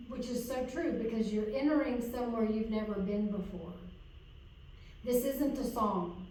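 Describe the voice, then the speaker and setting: A woman coaching a student in interpreting, encouraging her and checking in again and again. Her voice sits a little high and sounds distant, caught in a very echoey room. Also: moderate pace, dark tone, slight background noise. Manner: encouraging, checks in with repeated "okay?". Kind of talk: hands-on coaching lesson. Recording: echoey room, far from mic.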